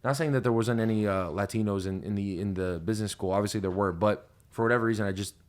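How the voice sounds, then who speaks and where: A young man hosting a podcast, telling stories in casual chat with lots of swearing and loud laughs at his own punchlines. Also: lowish voice, fast talker. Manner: profane, animated storyteller, laughs loudly at punchlines. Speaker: podcast host.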